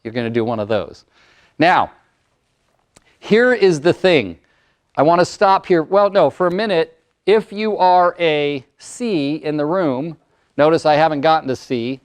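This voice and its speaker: Man in his sixties, workshop speaker, lively storyteller, smooth clear voice, slightly high. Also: unhurried. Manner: animated storyteller, acts out client voices. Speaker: motivational speaker and coach. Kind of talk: workshop talk to a live audience.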